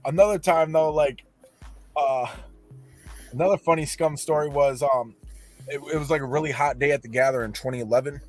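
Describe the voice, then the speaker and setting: A man's voice: on the high side, fairly quick, darkish tone, soft background music. A man telling rambling, profane stories as a podcast host in casual chat.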